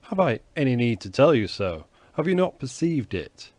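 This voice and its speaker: A man reading an audiobook, voicing a young swordsman who speaks in a gallant, theatrical and flattering way. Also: medium pitch, normal speed, dry recording, voice pushed up. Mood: ardent. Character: young male swordsman, ardent, flattering, sly.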